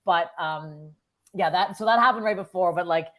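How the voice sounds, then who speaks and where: A woman's voice: fairly low pitch, normal speed. A woman from Canada, a comedian guest on a podcast, telling stories casually and swearing freely. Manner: swears freely, animated quoted voices.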